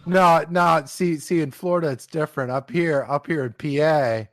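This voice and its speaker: A man's voice: a little high, normal speed, no echo. A man chatting on a podcast, telling crude stories and jokes. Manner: crude, storytelling. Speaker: podcast co-host. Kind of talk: casual chat. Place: Pennsylvania.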